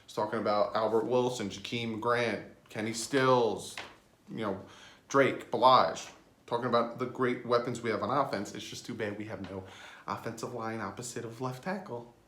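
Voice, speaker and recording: A man giving casual fan commentary on his sports vlog, full of joking, sarcastic asides and sudden jumps in pitch. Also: steady tone, moderate pace, fairly bright tone, slight background noise. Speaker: sports vlogger. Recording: roomy echo.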